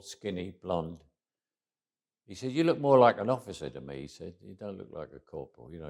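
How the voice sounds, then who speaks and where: A man, telling stories in an interview, repeating words as he restarts and trailing off quietly at the ends of phrases. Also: low-pitched. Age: 80s. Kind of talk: anecdotal storytelling.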